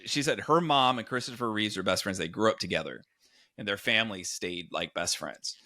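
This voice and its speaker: A man hosting a podcast, telling an office story in a lively, animated way and acting out the quotes. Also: on the low side, fairly quick, dry recording, clean studio sound. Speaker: podcast host. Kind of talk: casual chat, storytelling.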